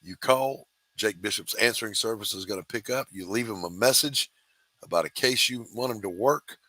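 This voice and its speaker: A man hosting a casual show, pitching crowdfunding tiers in an upbeat, matter-of-fact way. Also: moderate pace, pushed and bright, no room sound. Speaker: host.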